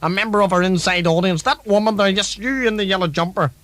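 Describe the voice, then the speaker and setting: A brash, exasperated man hosting a spoof talk show, swearing freely. His voice sits high and sounds dry and close. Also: quick pace, a bit bright, no echo. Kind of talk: comedy sketch.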